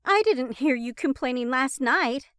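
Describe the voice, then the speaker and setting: A woman's voice: high-pitched, animated, unhurried, fairly bright tone, no room sound, clean studio sound, voice pushed up. A woman voicing a teasing young adult who has just transformed into a man, playful and then pleading. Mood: exasperated.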